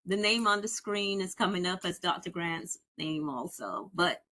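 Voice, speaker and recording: A woman's voice: on the low side, moderate pace, a loud crowd. A woman chairing a community committee meeting over a video call, welcoming members by name in a friendly way. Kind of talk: online meeting roll call.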